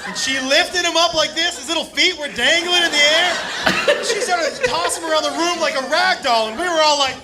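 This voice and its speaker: A man doing stand-up comedy, telling a story in an excitable, profane, animated way. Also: very high-pitched, moderate pace. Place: comedy club stage. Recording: live club, loud crowd and noise. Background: audience laughter and noise.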